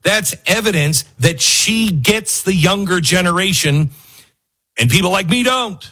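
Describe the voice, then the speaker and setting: A man's voice: sits high, unhurried, husky. A man hosting a political talk show, giving an opinionated, sarcastic monologue and laughing often. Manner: animated, sarcastic, laughs often and mimics people.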